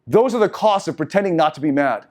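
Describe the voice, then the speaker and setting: A man's voice: on the high side, lively intonation, quick pace, a little mellow. A man teaching a seminar, reading passages aloud and then riffing on them casually with asides. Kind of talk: lecturing from slides to a group. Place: meeting room.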